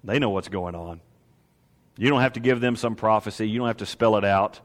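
A man preaching a sermon, swinging from soaring exclamations to hushed asides and acting out the voices of the people in his story. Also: fairly low pitch, a little fast, big-room sound. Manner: acts out voices of priests and merchants. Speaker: pastor.

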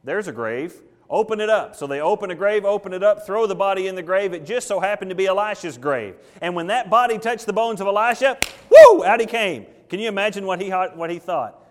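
A man's voice: high voice, fast talker, few pauses. A male pastor preaching an expository sermon, talking conversationally, questioning his congregation and acting out what biblical figures might have thought. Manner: acts out biblical figures' thoughts in quoted voices.

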